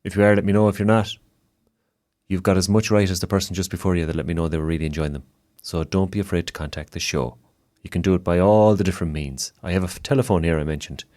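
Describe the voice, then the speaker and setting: Deep-voiced Irish radio host. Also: male voice, steady tone, quick pace, darkish tone. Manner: chatty and easygoing, drops in Irish-language phrases. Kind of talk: casual radio presenting between songs.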